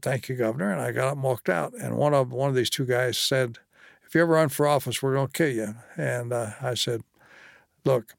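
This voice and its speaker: Older man, gravelly, anecdotal storyteller, dry studio sound. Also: mid-range voice, no echo. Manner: plainspoken anecdotal storyteller, quotes others. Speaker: former state official and guest. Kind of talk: storytelling interview.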